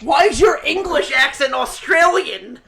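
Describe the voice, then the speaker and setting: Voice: sits high, lively intonation, unhurried, pushed and bright. A co-host in a casual podcast chat, giving short, laid-back replies and laughing at the jokes. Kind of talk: casual chat about fight picks.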